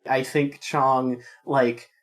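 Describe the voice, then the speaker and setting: Woman player, low and unhurried, relaxed rambling chat. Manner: laid-back, rambling. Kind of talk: casual tabletop game chat.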